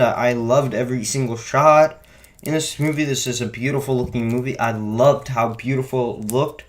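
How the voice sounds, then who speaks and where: Rambling young man reviewing a film. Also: medium pitch. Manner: rambling, many restarts and self-corrections. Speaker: movie reviewer. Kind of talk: casual unscripted film review.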